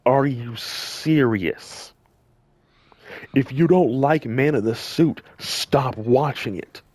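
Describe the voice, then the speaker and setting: Speaking slowly in a medium-pitched, darkish voice, a man angrily scolds his audience as a gaming channel commentator, repeating lines for emphasis. The recording is dry.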